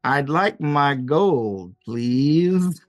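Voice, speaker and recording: A man's voice: fairly high pitch, lively intonation, extremely slow. A man voicing a sly, smug old woman gambler in a tabletop game.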